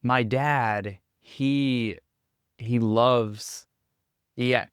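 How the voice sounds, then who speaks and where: A man's voice: medium pitch, steady tone, very slow, clean tone, dry recording, studio quality. A young American man from Tennessee, a podcast guest rambling casually and making fun of himself. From Tennessee, USA. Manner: rambling and self-deprecating, often laughing. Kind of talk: casual conversation. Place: backpacker hostel.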